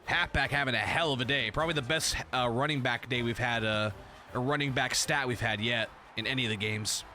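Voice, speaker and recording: A young man streaming a football video game, commentating the plays in a casual, excitable and profane way, often breaking into shouts. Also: mid-range voice, a little fast.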